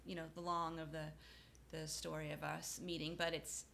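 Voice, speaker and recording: A woman's voice: low voice, flat delivery, moderate pace, gravelly, fairly bright tone. A woman from South Florida co-hosting a podcast in casual chat, playful and self-mocking, laughing often. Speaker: podcast co-host.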